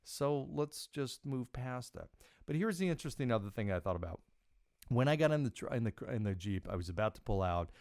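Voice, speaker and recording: A middle-aged man hosting a podcast, telling a personal story in a casual, animated way and quoting himself with big jumps in pitch. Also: fast, no echo, studio quality. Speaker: podcast host.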